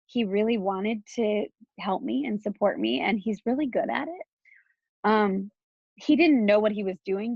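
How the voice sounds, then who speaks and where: A woman's voice: mid-range voice, vocal fry, no room sound, lo-fi sound. A woman from Texas in her thirties, speaking as an interview guest in a loose, candid flow full of "like" and restarts.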